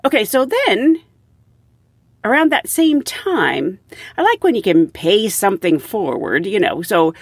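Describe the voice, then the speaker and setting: Woman, podcast host, casual storytelling, animated pitch, dry close sound. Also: unhurried, slightly rough, no room sound. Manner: lively, chatty, laughs while telling stories.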